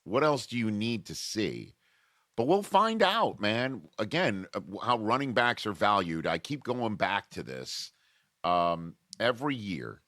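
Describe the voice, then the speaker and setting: Lively low-voiced man hosting a sports podcast. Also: unhurried, no room sound, clean studio sound. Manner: animated, riffing, half-finished thoughts. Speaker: sports talk host. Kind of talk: casual debate podcast.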